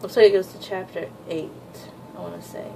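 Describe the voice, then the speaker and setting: A woman chatting casually as she pages through a new manga volume, rambling and gushing with excitement, with a slightly sore throat. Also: fairly low pitch, a little fast, gravelly, very noisy. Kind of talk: casual unboxing chat.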